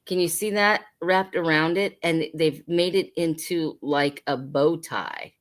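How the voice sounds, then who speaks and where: Host: woman, low-pitched, chatty live seller who laughs a lot and talks straight to viewers. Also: a little slow. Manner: chatty, laughs often, addresses viewers directly. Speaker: live-stream seller of hat pins and jewelry. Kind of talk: casual live sale chat with viewers.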